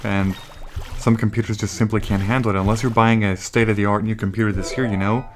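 A man's voice: fairly low pitch, little pitch movement, fairly quick, faint music behind. Young man ranting over a game. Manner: rambling, ranting, frequent exclamations at the game. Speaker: gaming YouTuber. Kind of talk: let's play commentary. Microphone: desktop USB microphone. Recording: crackling, popping home mic.

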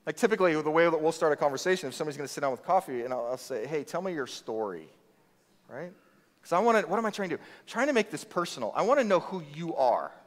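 A man's voice: a little high, animated, very fast. A man preaching a sermon as pastor, talking conversationally and telling stories with quoted voices. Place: church hall. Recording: long reverb of a church hall.

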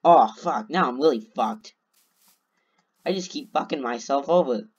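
A man's voice: mid-range voice, lively intonation, measured pace, muffled recording, slight background noise. A man narrating his own gameplay, talking to himself and swearing constantly. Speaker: gamer. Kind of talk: let's play commentary.

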